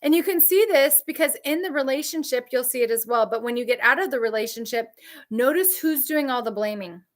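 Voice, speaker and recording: A woman coaching trauma survivors in a candid, emphatic talk, repeating key phrases and answering viewers. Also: brisk. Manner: mimics others' voices in high shrill outbursts.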